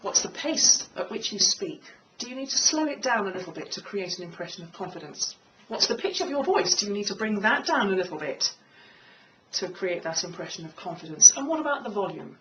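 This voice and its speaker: A woman speaking coach giving a clear, measured talk on confident speaking, in a room with a piano. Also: big pitch swings, a bit bright, far from the mic, slight background noise, low-quality recording. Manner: clear, measured, demonstrates pitch by singing. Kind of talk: instructional talk to camera.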